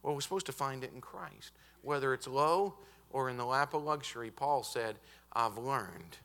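A man preaching a revival sermon as a visiting preacher, emphatic and stretching out key words, building up to shouted peaks in a church auditorium. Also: mid-range voice. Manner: emphatic, building to shouted climaxes with drawn-out stresses; often says "hey, listen" to the congregation.

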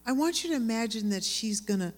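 A woman preaching to a room of women, earnest and lively as she tells stories. Her voice carries a long reverb, as if from a large hall. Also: a little high, fast. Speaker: women's Bible teacher. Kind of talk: sermon to women.

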